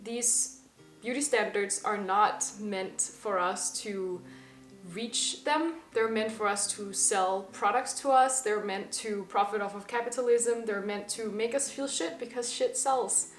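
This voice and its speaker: An earnest young woman in her twenties speaks straight to camera and leans into the words she wants to land. Her voice sits at an ordinary middle pitch. It has a noticeable room echo, with soft music underneath. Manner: earnest and emphatic, slowing on key words. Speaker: vlogger. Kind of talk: reflective personal monologue. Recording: slightly echoey room with faint music.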